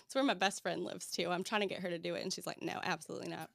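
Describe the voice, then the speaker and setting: A woman's voice: lowish voice, racing, vocal fry, fairly bright tone, a little hiss or hum. A woman hosting a podcast in casual chat, laughing often as she talks. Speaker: podcast host.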